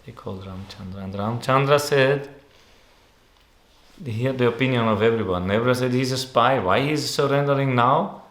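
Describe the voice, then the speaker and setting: A man's voice: mid-range voice, normal speed, a bit bright, reverberant. A man, not a native English speaker, giving a devotional discourse in simple, repetitive phrasing with recited Sanskrit verses. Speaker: spiritual teacher. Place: ashram hall.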